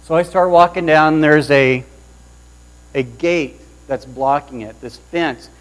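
A man preaching a sermon, opening with a lively personal story and acting out the voices of the people in it. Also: on the high side, measured pace, low-quality recording. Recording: mains hum underneath.

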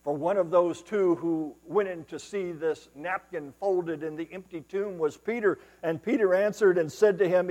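A male preacher delivering a sermon, retelling scripture as dramatic storytelling, rising to loud exclamations and dropping to hushed asides. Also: on the high side, moderate pace, few pauses, in a large hall, low-quality recording.

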